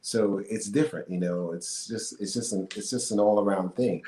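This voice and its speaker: A fairly low-pitched man talks at normal speed; he's a middle-aged actor and singer chatting as an interview guest. Expect animated anecdotes, lots of fillers and laughs, all in an echoey room with faint background noise.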